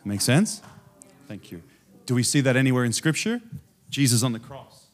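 A man with an Australian accent preaching a sermon on stage, moving between soft, chuckling asides and loud, emphatic points. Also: mid-range voice, normal speed. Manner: animated, swinging from soft asides to loud emphasis, often laughing. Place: on stage before a congregation.

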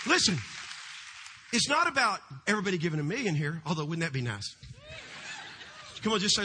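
A middle-aged man, a pastor, preaching a sermon in a large church, with fervent swings between loud cries and hushed storytelling. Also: high-pitched, sing-song, brisk, long pauses, noisy background.

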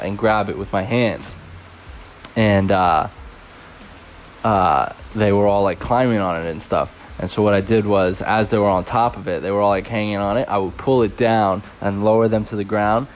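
A man's voice: fairly low pitch, slight background noise. Rambling young man telling stories. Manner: rambling, lots of fillers and laughs. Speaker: podcast host and teacher. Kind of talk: casual storytelling podcast.

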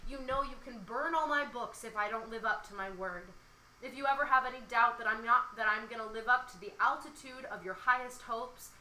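A woman's voice: on the high side, reverberant, a little hiss or hum, poor audio. A young woman reading a love poem aloud with feeling, then chatting about it casually as a podcast co-host. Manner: expressive dramatic reading, then chatty with many "like"s. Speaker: podcast co-host discussing poetry. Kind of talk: poetry reading and casual chat.

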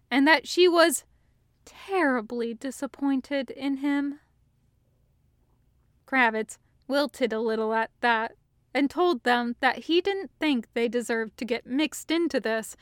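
A woman narrating a fan-fiction story as an audiobook reading, in a steady, even storytelling manner. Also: high voice, no echo, studio quality.

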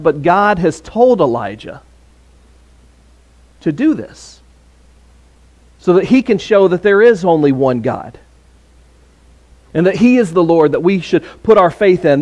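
A man's voice: high-pitched, darkish tone. A man preaching a sermon in a conversational way, with fillers and restarts.

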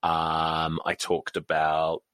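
Feeling queasy, this English solo podcast host, middle-aged and with an accent that has drifted toward American, rambles, swears, and pokes fun at himself. He speaks slowly in an extremely low, completely flat voice that's smooth and a bit bright, with no room sound.

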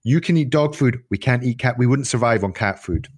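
Male podcast co-host, mid pitch, irreverent comic storyteller. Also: a little fast, husky. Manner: swearing, jokey, acts out voices in his stories. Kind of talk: casual chat.

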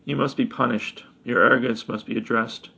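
A man voicing a stern, gloating village mayor who hands down harsh punishments, with a gravelly voice. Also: medium pitch, fairly even intonation, fairly quick, sharp tone, exaggerated voice. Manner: stern, commanding pronouncements. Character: boastful cruel village mayor, male, older.

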